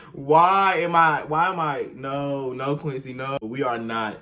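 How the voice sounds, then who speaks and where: A young man hosting a video, reading fan fiction aloud with slangy, animated, mock-outraged commentary and bursts of sing-song. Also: mid-range voice, measured pace, very noisy. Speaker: video host.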